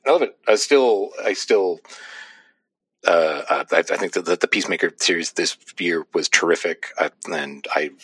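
A man with a very low yet bright voice speaks as a podcast guest. He talks haltingly, restarting phrases while he searches for words, on a dry recording. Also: husky, no echo. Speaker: podcast guest, comics writer. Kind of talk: casual chat.

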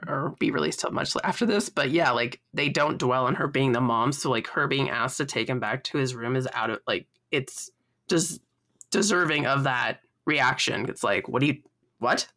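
Gravelly bright-voiced woman chatting. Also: a bass voice, moderate pace. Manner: chatty, uses many "like" fillers. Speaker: podcast co-host. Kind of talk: casual chat.

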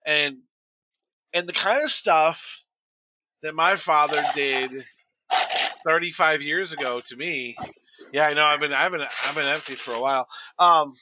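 A man's voice: a little high, measured pace, long pauses, noisy background. A middle-aged man co-hosting a casual podcast chat, blunt and profane, often laughing. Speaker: podcast co-host.

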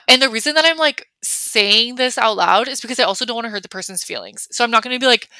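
A woman's voice: a little high, fast talker, few pauses, pushed and bright, smooth, no room sound. A young woman hosting a podcast, talking casually and chattily with lots of fillers. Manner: chatty, many fillers, acts out her own reactions. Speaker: podcast host. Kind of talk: casual solo talk.

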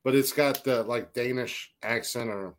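Halting, laid-back man co-hosting a podcast. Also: medium pitch, slight background noise. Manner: halting, restarts often, casual swearing. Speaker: podcast co-host. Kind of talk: casual chat.

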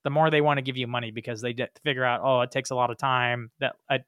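Animated male podcast host, dry sound. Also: mid-range voice, quick pace, no echo. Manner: animated storyteller, laughs often. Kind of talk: casual interview talk.

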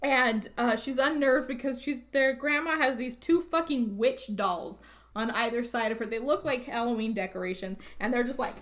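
Higher-voiced woman casually recapping a film. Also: normal speed. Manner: swears freely, rambling retelling with many fillers. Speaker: podcast co-host.

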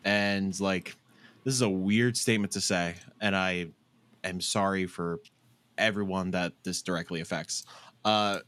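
Lowish-voiced man in heartfelt rambling chat. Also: fairly even intonation, a little slow, a bit bright. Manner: heartfelt, rambling, swears freely. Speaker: podcast co-host. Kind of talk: casual chat.

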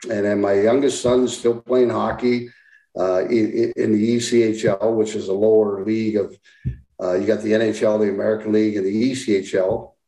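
Mellow-voiced man in his sixties, echoey. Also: fairly low pitch, level tone. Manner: plain-spoken, halting, reflective. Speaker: interview guest, former hockey player. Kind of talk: casual interview talk.

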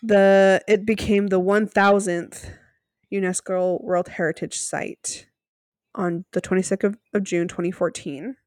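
A woman's voice: medium pitch, fairly even intonation, a little slow, darkish tone, no echo. Chatty woman recapping, dry close mic. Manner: chatty, laughs often while retelling. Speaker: podcast co-host. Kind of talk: casual recap chat.

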